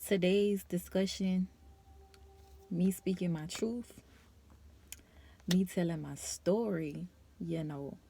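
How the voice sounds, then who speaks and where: A woman's voice: fairly low pitch, slow, creaky, pauses often, warm tone, slight background noise. A young woman vlogger speaking her personal testimony to camera, nervous and emotional, in a casual conversational way.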